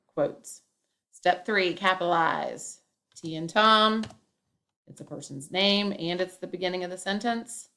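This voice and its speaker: A woman's voice: lowish voice, a bit bright. A woman teacher giving a classroom grammar lesson, explaining step by step and acting out example sentences with emphasis.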